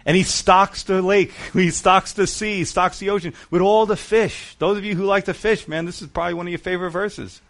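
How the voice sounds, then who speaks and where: A man preaching a sermon, reading verses aloud and explaining them with emphatic, animated asides. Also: high voice, fairly quick, hardly any pauses. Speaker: pastor.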